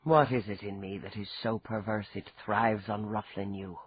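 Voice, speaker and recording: A man voicing a cool, wry, wealthy Irishman with a soft, low, amused Irish-accented voice, in a dull recording. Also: fairly even intonation, moderate pace, breathy edge.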